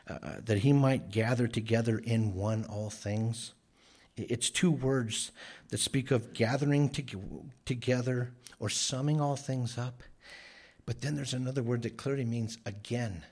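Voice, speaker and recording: Guy preaching a sermon, earnest and emphatic, keeps repeating stuff for stress, normal middle pitch. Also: unhurried, a little mellow. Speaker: pastor.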